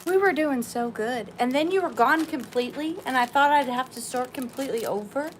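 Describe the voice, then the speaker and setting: A woman hosting a live-stream sale, chatting excitedly and greeting viewers by name. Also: high-pitched, a little fast, a little hiss or hum, rough recording. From Southern US.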